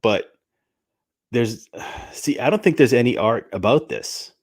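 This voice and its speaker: A man's voice: mid-range voice, lively intonation, unhurried, husky. A man co-hosting a casual podcast chat, laid-back and wry, sighing now and then. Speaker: podcast co-host.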